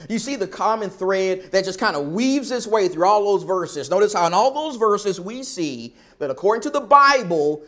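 A man with a high, light speaking voice delivers a sermon from the pulpit. He drives each point home emphatically, circling back to repeat it again and again. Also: very animated, normal speed, few pauses, fairly bright tone. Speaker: pastor.

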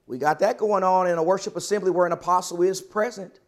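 Guy preaching a bible class, earnest, slightly high voice, leans on key words. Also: steady tone. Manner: earnest, questioning, stresses key words slowly.

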